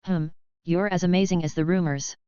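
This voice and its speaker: A woman's voice: fairly low pitch, fairly even intonation, a little fast, dark tone, smooth, no room sound, dull audio, close to an everyday voice. A woman voicing a sly male god who speaks in an easygoing, probing way.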